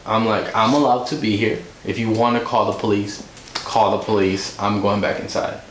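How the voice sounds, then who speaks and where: A man's voice: fairly low pitch, moderate pace. Man telling a story in a roomy room. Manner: animated, acts out quoted dialogue. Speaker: podcast guest, music director and producer. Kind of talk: casual storytelling. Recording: roomy room, faint noise.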